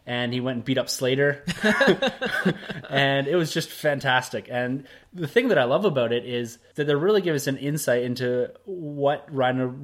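A man co-hosting a casual podcast, chatty and laid-back, often laughing. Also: medium pitch. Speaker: podcast co-host. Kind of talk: casual chat.

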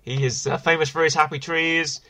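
A man's voice: fairly high pitch, steady tone, moderate pace, pushed and bright. A man hosting a casual podcast, chatty and upbeat with lots of fillers. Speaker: podcast host.

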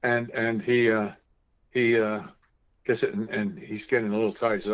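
A man, a guest author, telling family anecdotes in an animated way and acting out the voices of relatives. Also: fairly low pitch, moderate pace, dull audio.

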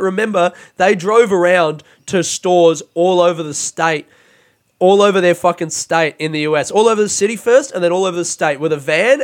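Young male podcast host, fairly high voice, loose and profane storyteller who laughs through his own telling. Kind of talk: casual monologue.

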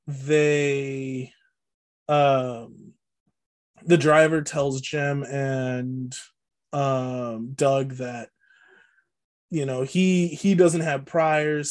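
A podcast co-host casually recaps a movie plot, laughing frequently and using lots of fillers. His voice is medium-pitched with a darkish tone.

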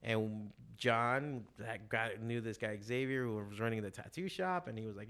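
A man's voice: on the low side, normal speed, smooth. Profane, rambling man in casual chat. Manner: profane, animated, rambling with many fillers. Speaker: podcast guest, comic shop owner.

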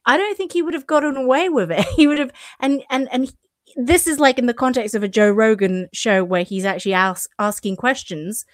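A woman's voice: on the high side, a little fast, no room sound, studio quality. A woman co-hosting a podcast in casual chat, hesitant with many restarts and frequent laughter. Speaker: podcast co-host.

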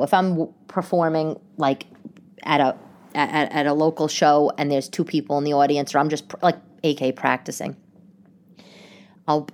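A woman comedian with a deep voice and a New York accent hosts her own podcast in a casual chat. She's expressive and animated, swinging from loud outbursts to quiet asides.

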